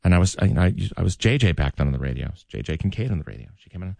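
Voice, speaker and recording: A male radio host with a lowish voice tells stories in an animated way, and his pitch jumps around as he acts out what people said. The studio sound is dry and close. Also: rapid-fire, vocal fry, no echo. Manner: animated storyteller, acts out quotes. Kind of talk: casual studio banter.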